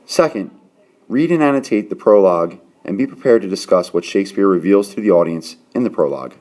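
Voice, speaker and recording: A male teacher with a very low voice walks a class through poetic meter. He counts out the beats slowly and plainly, pausing on each one. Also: expressive, a little mellow. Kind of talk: classroom lesson on poetry.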